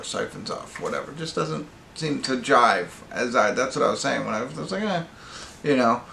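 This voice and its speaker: A man's voice: mid-range voice, vocal fry, pushed and bright, echoey room, slight background noise. A man giving a casual, rambling movie review, full of fillers and restarts. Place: pub.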